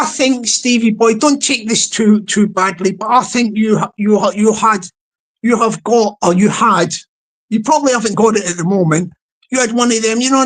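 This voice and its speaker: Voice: mid-range voice, a bit bright. A live-stream host, chatting casually to a small online audience in a rambling way, often restarting sentences.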